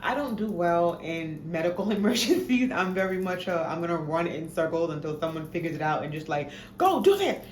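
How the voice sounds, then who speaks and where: A young adult woman with a lowish voice tells a profane personal story in a casual storytime vlog, talking a little fast with hardly any pauses. Her retelling is animated and dramatic. The room is echoey, with faint background noise.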